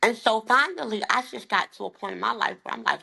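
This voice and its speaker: A woman in her forties, a life coach, speaks with a bright, tense tone and a gravelly fry at the edges. She talks with emphatic, heartfelt conviction about her faith. Now and then she seems close to tears. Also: a little high, lively intonation, fast. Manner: emphatic and heartfelt, sometimes holding back tears. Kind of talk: candid faith-filled interview talk.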